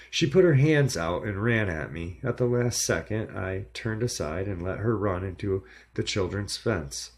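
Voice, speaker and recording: A man reading a first-person horror story aloud in a measured, dramatic storytelling delivery. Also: low voice. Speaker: narrator.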